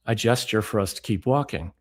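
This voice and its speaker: Measured, low-voiced male lecturer. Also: animated. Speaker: author and speaker. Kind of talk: lecture with read-aloud book excerpts.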